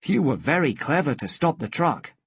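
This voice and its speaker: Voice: mid-range voice, sing-song, normal speed, slightly rough, no room sound, clean studio sound, heavily acted. A reader voicing a friendly, curious father in a children's storybook.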